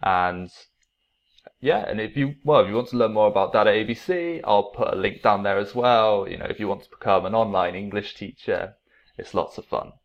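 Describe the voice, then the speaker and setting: A man who teaches English online, explaining a classroom game in a relaxed, casual way and repeating his points. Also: lowish voice, moderate pace, muffled recording. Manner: relaxed, repeats himself, acts out playful classroom exclamations.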